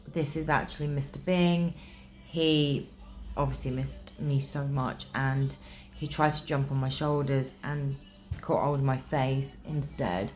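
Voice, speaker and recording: A woman's voice: low voice, a little mellow. A middle-aged woman from England chatting to camera in a vlog, gushing and emotional, with many ums, still recovering from being ill. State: recovering from illness. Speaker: craft vlogger. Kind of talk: casual chat to camera.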